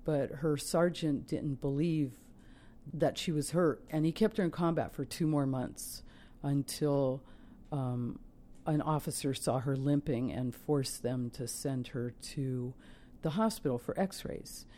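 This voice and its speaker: A woman's voice: a bass voice, takes it slowly, warm tone, slight background noise. A middle-aged woman, the mother of a soldier, giving an earnest, reflective personal testimony.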